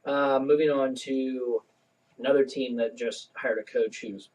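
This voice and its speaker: A man runs a relaxed sports podcast and keeps the talk moving with steady little agreements. His voice sits at an average pitch and sounds a bit removed from the microphone. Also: measured pace, distant mic, low-quality recording. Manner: laid-back, frequent short agreements. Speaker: podcast host. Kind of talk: casual sports chat.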